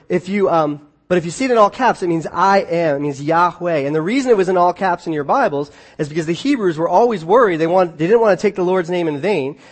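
A man preaching a conversational sermon, often restarting his phrases and swinging between quiet asides and emphatic points. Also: sits high. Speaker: pastor.

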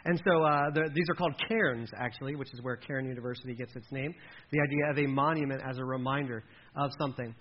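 A man preaching a sermon as a pastor, lively and conversational, who drops his voice low and quiet when he speaks God's words. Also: fast, highs cut off, a little hiss or hum.

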